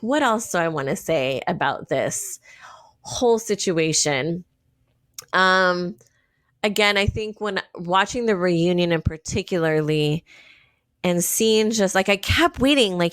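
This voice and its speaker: Woman host, solo podcast rant: animated, blunt, salty language, medium pitch, dry close sound. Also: dry recording. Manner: animated, blunt, swears freely, frequent "right?" and "um".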